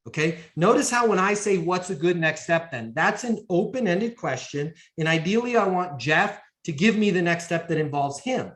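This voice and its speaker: A man with a fairly high voice leads a sales training session over a video call. He coaches hard and emphatically, and keeps slipping into short acted-out exchanges between a seller and a customer. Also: expressive, normal speed, few pauses, fairly bright tone. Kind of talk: sales training talk to a live audience.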